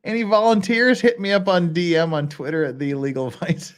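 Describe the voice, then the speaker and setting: A man's voice: a little high, steady tone, brisk, clear, resonant tone. A man hosting a casual live stream, rambling and joking with many restarts and asides. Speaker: streamer host. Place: lives in Korea.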